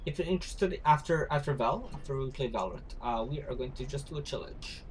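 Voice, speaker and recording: A young man streaming a video game, chatting with his viewers as he plays and breaking into shouts and high laughter at what happens on screen. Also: animated, fast, a little hiss or hum. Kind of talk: casual gaming livestream chat.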